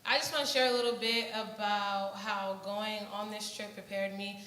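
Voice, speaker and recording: A woman's voice: medium pitch, fairly even intonation, normal speed, pushed and bright. A young woman giving an earnest church testimony about her mission trip, telling her story with many fillers. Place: church hall. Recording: echoey hall, faint noise.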